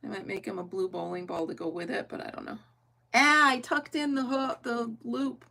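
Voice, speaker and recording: A woman's voice: fairly high pitch, fairly even intonation, moderate pace, creaky, sharp tone. Chatty woman crafting on a livestream. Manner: chatty, laughing often, thinking aloud. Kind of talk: casual chat while crafting.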